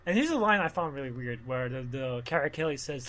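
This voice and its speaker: A man co-hosting a casual podcast, making quick, sarcastic comments about a comic. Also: mid-range voice, expressive, a bit bright. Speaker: podcast co-host. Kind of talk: casual comic-book discussion.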